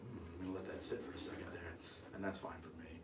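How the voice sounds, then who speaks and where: A man's voice: deep voice, fast talker, reverberant, far from the mic, noisy background. A man hosting a cocktail show, chatting casually on a live stream as he makes a drink, with rambling, self-deprecating asides.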